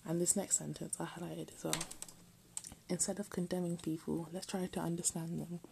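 A woman reading a text aloud in a soft, often half-whispered voice, breaking off for self-mocking jokes. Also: on the low side, level tone, brisk, vocal fry, a little hiss or hum, poor audio. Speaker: reader.

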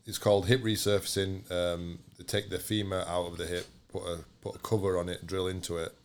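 A man with a low voice tells a blunt, sweary hospital story in relaxed podcast chat. He laughs easily and talks in a plain, down-to-earth way. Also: brisk.

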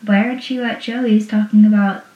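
A woman's voice: mid-range voice, fairly even intonation, moderate pace, mellow, reverberant, far from the mic, lo-fi sound, natural voice. A woman reading out the defensive lines of a young female character while recapping a show.

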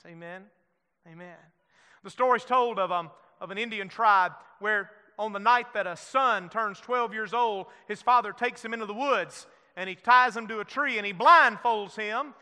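A man preaching a Pentecostal-style sermon, moving between shouted scripture and hushed, intimate storytelling. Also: sits high, smooth. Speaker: pastor. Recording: long church hall reverb.

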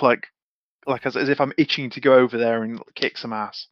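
A man chats casually as a tabletop game player, often stammering and repeating words. His mid-pitched voice is recorded dry and close. The sound is muffled and lo-fi. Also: steady tone, normal speed, dry recording. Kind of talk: casual game play chat.

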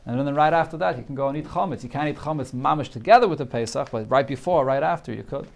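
A man's voice: medium pitch, fast, gravelly. A man teaching a Talmud class, reading each phrase of the text and explaining it in English, often restarting his sentences. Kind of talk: Talmud lesson, translating Hebrew and Aramaic phrase by phrase.

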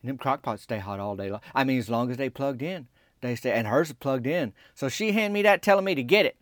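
A man telling a rambling, deadpan comic story in a conversational way. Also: medium pitch, fairly quick, dry recording, clean studio sound.

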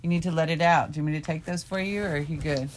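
A middle-aged woman talking gently and reflectively in a casual heart-to-heart with a friend, from her bedroom. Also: low voice, fairly even intonation, racing, slight background noise. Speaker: friend sharing personal story. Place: bedroom, in bed.

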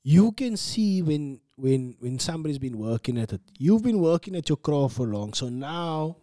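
A man's voice: on the high side, sing-song, moderate pace, mellow. A man who does stand-up comedy, talking earnestly in a casual podcast chat, repeating words and calling his friend bro.

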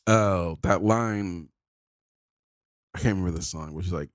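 A man's voice: low-pitched, measured pace, dry recording, clean studio sound. A man co-hosting a podcast, joking in laid-back, profane casual chat. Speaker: podcast co-host.

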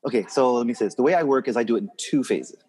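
A man talks quickly in a slightly husky voice, chatting about his design work as a guest. He tells his stories with energy and jumps up high in pitch when he acts out other people's lines. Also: warm tone. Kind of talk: casual conversation.

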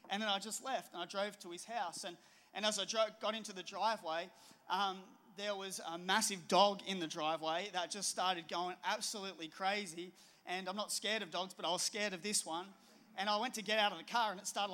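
Middle-aged male pastor, lively storyteller, high and bright. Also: fairly quick. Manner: storytelling, animated and conversational. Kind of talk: sermon with personal story.

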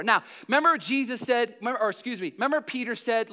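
A high-pitched man with a bright, forceful tone preaches a sermon in a church. His delivery swings between loud emphasis and hushed, slowed passages. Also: animated. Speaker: pastor.

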